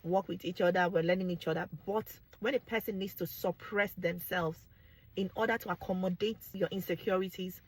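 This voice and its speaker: A young adult woman with a Nigerian accent speaks in a husky, slightly breathy voice. She talks straight to her viewers, frank and animated, and she often breaks into exclamations and bits of pidgin. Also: fairly low pitch, a little fast, low-quality recording. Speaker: vlogger. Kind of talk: candid talk to camera.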